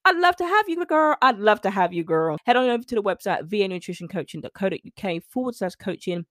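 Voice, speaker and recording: A woman's voice: medium pitch, fast talker, no room sound, studio quality. A woman talking as a nutrition and mindset coach, in a chatty, preachy motivational way with church-style call-outs. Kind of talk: motivational talk to camera.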